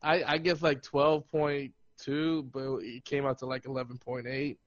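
A man's voice: mid-range voice, unhurried, dry recording, highs cut off. A man telling a funny story in casual podcast chat, laughing and acting out what people said. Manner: animated, laughing, acts out quotes. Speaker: podcast host.

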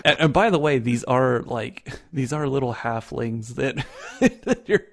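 A man acting as game master for a tabletop game, narrating slowly with a lively, swinging pitch. He keeps breaking into laughter and stalls with ums while he describes the scene. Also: gravelly. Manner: laughing, hesitant, frequent ums.

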